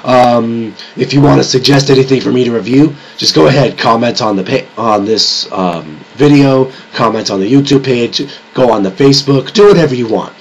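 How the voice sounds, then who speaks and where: A man's voice: medium pitch, normal speed, few pauses, slightly rough, low-quality recording. A young man with a slightly sick voice, reviewing games and albums in a rambling, casual way and restarting his sentences often. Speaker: YouTube reviewer.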